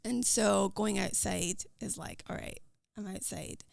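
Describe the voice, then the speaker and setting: A woman with a Scottish accent, a podcast guest talking earnestly and quickly about her faith and daily life. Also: mid-range voice, gravelly, dry recording, clean studio sound. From Scotland. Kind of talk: casual interview chat.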